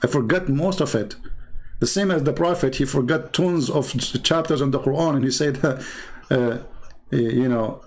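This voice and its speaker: A man's voice: medium pitch, moderate pace, darkish tone, poor audio. A man giving sarcastic online commentary in a mocking tone, laughing now and then at his own jokes.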